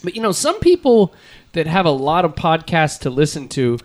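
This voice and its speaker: A man's voice: on the high side, big pitch swings, normal speed. A man hosting a casual comedy podcast, a bit drunk, rambling and swearing freely. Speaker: podcast host.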